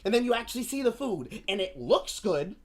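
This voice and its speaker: A woman streamer ranting in casual commentary, profane and animated, often slipping into mocking voices. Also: fairly high pitch, a little fast.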